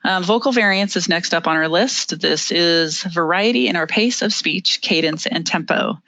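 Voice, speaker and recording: A presenter teaching interview skills in a webinar, explaining each step clearly with the odd filler and small laugh. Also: mid-range voice, moderate pace, sharp tone, dry recording. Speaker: webinar presenter on body language. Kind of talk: instructive presentation.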